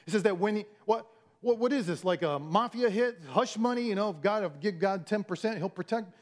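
Brisk and expressive, this pastor's voice sits high as he tells his sermon in a conversational, story-driven way. He regularly breaks off to begin again and performs other people's lines.

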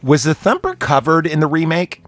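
This podcast host's voice sits on the high side, fairly bright and expressive, moving at a moderate pace. He casually retells a movie scene, rambling with many fillers and acting out the characters' lines, with faint music behind.

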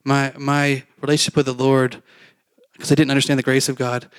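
A man's voice: mid-range voice, little pitch movement, fairly quick, smooth, no room sound. A man telling a personal faith story to a congregation in a candid, self-mocking way, acting out the dialogue as he goes. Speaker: preacher giving testimony.

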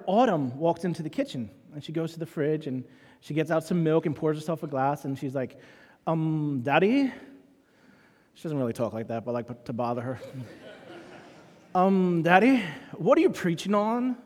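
A man preaching a sermon as pastor, telling stories and acting out the dialogue in them. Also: high-pitched. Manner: animated storytelling, acts out dialogue. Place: church auditorium. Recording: long hall reverb.

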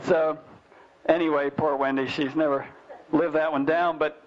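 A man's voice: on the high side, level tone, moderate pace. A man teaching parents in an informal talk, telling family stories with restarts and fillers. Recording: dull lo-fi recording.

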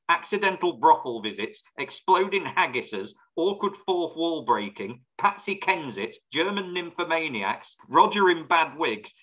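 A man's voice: on the high side, a bit bright, rough recording. A man co-hosting a film podcast, reviewing a movie with wry, sarcastic humor. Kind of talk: casual film review chat.

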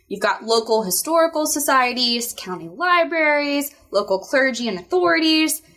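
A woman's voice: sits high, expressive, normal speed, a bit bright. A woman co-hosting a podcast in casual chat, upbeat and chatty with playful exclamations. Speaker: podcast co-host.

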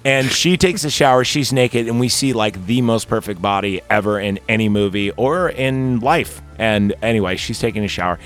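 A man casually recapping a slasher movie on a podcast, rambling and swearing, slipping into high quoted voices. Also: normal speed, few pauses, a bit bright, faint music behind. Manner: profane, rambling, jumps into squeaky quoted voices. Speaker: podcast host.

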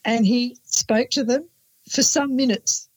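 A woman's voice: fairly high pitch, fairly even intonation, a little slow, a little mellow, husky, rough recording. An older Australian woman co-hosting a casual chat, explaining slang and telling travel anecdotes. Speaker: podcast co-host.

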